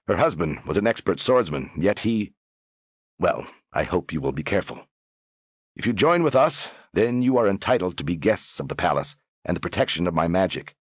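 A man's voice: sits low, very animated, moderate pace, breathy edge, no room sound, clean studio sound, full character voice. A man voicing a stern young lord who lectures firmly. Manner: firm, lecturing.

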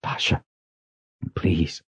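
A man voicing a captive young wizard in an audiobook, speaking quietly and firmly. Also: sits low, lively intonation, normal speed, husky, dry recording. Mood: restrained. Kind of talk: audiobook character voice.

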